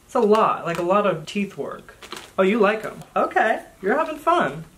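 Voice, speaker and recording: A man's voice: high voice, sing-song, moderate pace, a bit bright, slight background noise. Sarcastic young man hosting a chat. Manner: sarcastic, teasing. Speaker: host. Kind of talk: casual chat.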